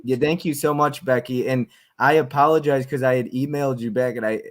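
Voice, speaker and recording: A man's voice: mid-range voice, steady tone, a little fast. A man hosting a live stream in casual chat, reading viewer comments aloud, friendly, with lots of fillers. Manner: friendly, chatty, frequent fillers and laughs.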